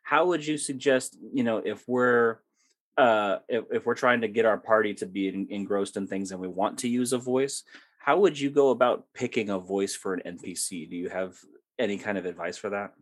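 Brief: man, podcast host and game master, lower voice, casual, stops and restarts his questions. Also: normal speed. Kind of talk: casual interview chat.

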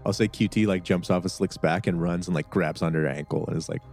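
A man with a very low voice runs a tabletop game as game master, easygoing and quick to laugh. His narration is relaxed and conversational, and faint music sits behind him. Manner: laid-back, laughs often.

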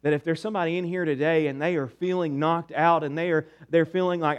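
A man with a high voice preaches to his congregation. He asks rhetorical questions and drops soft and low on the words he wants to land. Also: fairly even intonation, fast, hardly any pauses, clean tone, dull audio. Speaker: pastor. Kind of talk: sermon.

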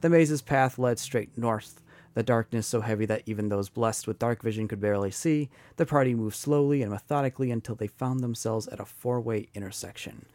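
Male host narrating an adventure story with wry, dramatic timing. Mid pitch, dry mic. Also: a little fast, darkish tone, dry recording. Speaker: podcast host.

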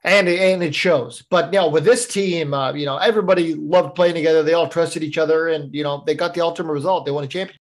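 A man's voice: on the high side, steady tone, fast talker. A man co-hosting a podcast, talking casually and easygoing with plenty of fillers. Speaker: podcast co-host. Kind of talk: casual sports chat.

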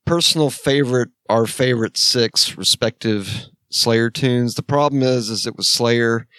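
A man's voice: medium pitch, unhurried, pushed and bright, clear, resonant tone, no room sound, clean studio sound. Joking, rambling middle-aged man. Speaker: podcast co-host. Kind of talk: casual chat over drinks.

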